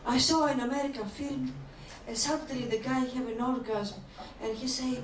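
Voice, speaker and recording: A woman's voice: high voice, steady tone, normal speed, few pauses. A woman doing bawdy stand-up comedy in broken on a comedy club stage, laughing at her own jokes. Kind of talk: open-mic stand-up comedy. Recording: echoey club, mic from a distance, hissy.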